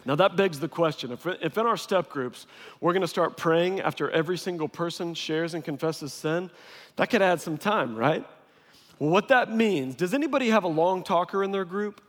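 A man preaching a sermon as a pastor, in a casual, humorous and animated way. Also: sits high, normal speed. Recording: long reverb of a large hall.

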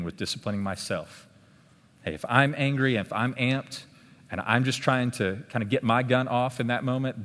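Man speaking in a reverberant hall. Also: lowish voice. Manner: conversational, checks in with frequent "okay?". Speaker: speaker at a church parenting workshop. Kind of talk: live talk to an audience. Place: meeting room with tables. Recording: long hall reverb in a big room.

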